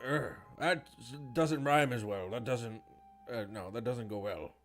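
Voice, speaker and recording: A man's voice: mid-range voice, unhurried, fairly bright tone, soft background music. A man playing in a tabletop game, joking and crude in casual chat. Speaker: player.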